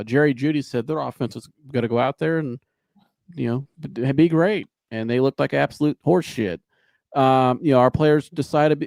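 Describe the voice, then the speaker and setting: A gravelly man hosts a live sports podcast, ranting bluntly and swearing freely. His voice is recorded close and dry, with no room sound. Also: medium pitch, darkish tone, no echo. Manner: blunt, heated, profane. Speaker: podcast host.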